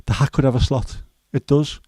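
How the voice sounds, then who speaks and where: A man in his fifties with a Scouse accent and a hoarse throat, hosting a casual chat livestream in a rambling, jokey way with many fillers. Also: medium pitch, steady tone, moderate pace, mellow, dry recording. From Liverpool, England. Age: 50s. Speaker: livestream host.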